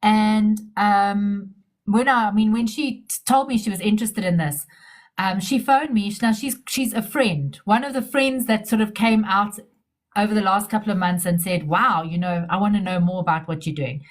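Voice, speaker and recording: A woman's voice: mid-range voice, moderate pace. A middle-aged businesswoman, telling stories in a casual interview, chatty and repeating herself as she restarts sentences.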